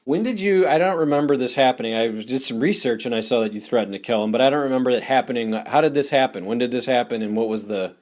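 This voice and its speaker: Male interviewer with a mid-range voice, casual questions, halting and restarting. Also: mid-range voice, a little mellow.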